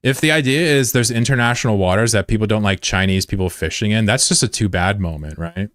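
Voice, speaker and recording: A man streaming live, chatting bluntly and profanely with viewers, swinging between loud outbursts and low mutters. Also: quick pace, no room sound, studio quality. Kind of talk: casual live-stream chat.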